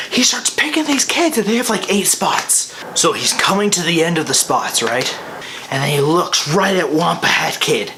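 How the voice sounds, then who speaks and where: A young man telling a funny personal story, jumping from excited yelps to hushed whispers. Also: a little high, normal speed, gravelly, noisy background.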